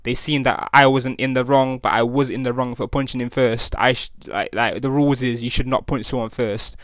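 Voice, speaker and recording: A man's voice: medium pitch, steady tone, a little fast, a bit bright, no echo, clean studio sound. A young man, hosting a podcast and telling a rambling story in slang, full of restarts and tag questions. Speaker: podcast host. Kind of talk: casual storytelling monologue.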